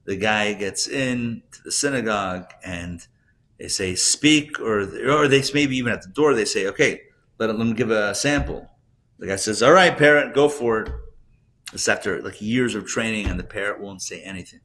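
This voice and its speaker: A man, a rabbi, teaching a live class and telling jokes, talking in a conversational way, asking the audience questions and getting loud and animated when he makes a point. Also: fairly low pitch, normal speed. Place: classroom or synagogue hall, recorded live.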